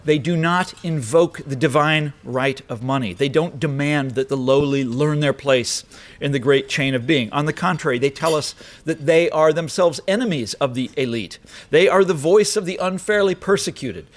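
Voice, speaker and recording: A man with a somewhat high voice speaks at a normal pace, giving a political speech to an audience in a lecture hall. He is emphatic and rhetorical, dropping in wry asides.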